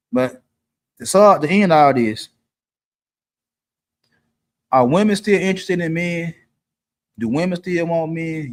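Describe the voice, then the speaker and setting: A middle-aged man hosts a live stream, dealing out blunt, preachy dating advice. He hammers each point by repeating it. His voice sits a little high for a man. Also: takes it slowly, long pauses. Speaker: livestream host.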